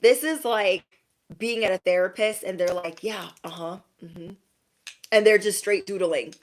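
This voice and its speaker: A woman's voice: medium pitch, normal speed. Chatty woman giving a spiritual reading. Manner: chatty, frank, many "like" fillers. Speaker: intuitive card reader. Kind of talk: casual spiritual reading to viewers.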